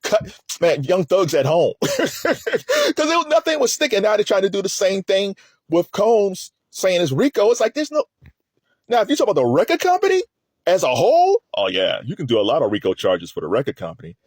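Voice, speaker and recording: A man's voice: high voice, wildly swooping pitch, a little fast, darkish tone, slightly rough, no echo, studio quality. A man giving casual, rambling commentary on a court trial, laughing often and restarting his sentences.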